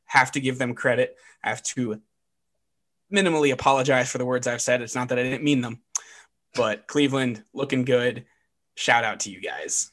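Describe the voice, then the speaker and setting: Young male host, mid-pitched, upbeat segment-runner, casual sports talk. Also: a bit bright. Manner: upbeat, runs segments, quick asides.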